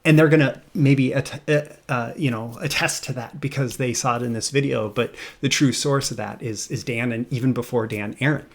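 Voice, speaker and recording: Gravelly-voiced man rambling to camera. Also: mid-range voice, fairly even intonation, normal speed, few pauses. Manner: rambling, hesitant, many fillers and restarts. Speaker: copywriting video host. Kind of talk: casual talk to camera.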